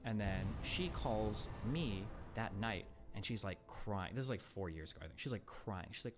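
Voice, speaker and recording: A man's voice: on the low side, expressive, slight background noise. A man talking casually on a livestream, rambling with lots of fillers and swearing, blunt and exasperated. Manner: rapid, rambling, profane, heavy fillers. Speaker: streamer.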